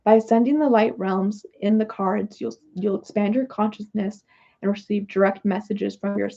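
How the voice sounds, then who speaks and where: A woman hosting a livestream who chats on in a rambling, apologetic way. Her voice is mellow and dark with a gravelly fry, and it comes through a somewhat dull, lo-fi recording. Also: medium pitch, steady tone, moderate pace. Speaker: livestream host doing oracle card readings. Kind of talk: casual livestream chat.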